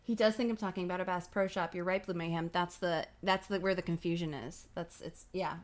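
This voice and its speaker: A woman with a fairly low, steady-toned voice speaks briskly. She's hosting a home livestream on a streaming microphone, reading a kids' horror book aloud with giggly, playful remarks and casual swearing.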